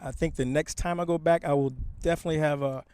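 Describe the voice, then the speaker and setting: A man's voice: on the high side, fairly even intonation, fast talker, darkish tone, smooth. A man from Louisiana with a Southern accent, chatting loosely as an interview guest, rambling with lots of "uh" and "you know.". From Shreveport, Louisiana. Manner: rambling, filler-heavy, easygoing. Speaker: guest, apparel brand founder. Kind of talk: casual interview chat.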